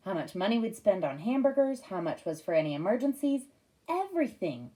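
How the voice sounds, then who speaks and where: A woman narrating a first-person audiobook in a wry, expressive storytelling manner. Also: medium pitch, low-quality recording.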